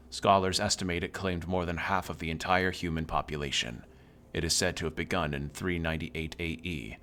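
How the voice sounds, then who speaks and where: Deep-voiced guy streaming a game, reads the text out, yells now and then. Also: slight background noise. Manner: reads narration evenly, with sudden loud outbursts. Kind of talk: reading game text aloud while playing.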